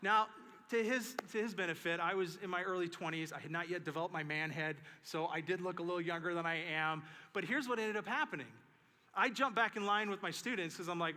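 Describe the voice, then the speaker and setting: A male pastor preaching a sermon in a church, telling stories in an animated way and repeating key phrases for emphasis. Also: high voice, quick pace. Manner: animated storytelling with emphatic repetition. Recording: echoey church sanctuary.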